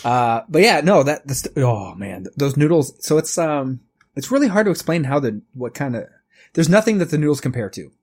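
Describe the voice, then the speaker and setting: A man's voice: a little high, big pitch swings, brisk. A man in his thirties co-hosting a podcast in casual chat, rambling and swearing freely, often laughing. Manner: rambling, profane, laughs easily. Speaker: podcast co-host.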